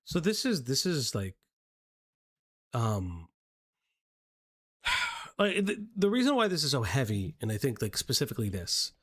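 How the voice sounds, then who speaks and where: Lively, halting male commentary host. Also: mid-range voice, husky. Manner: halting, many ums and restarts. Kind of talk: casual commentary.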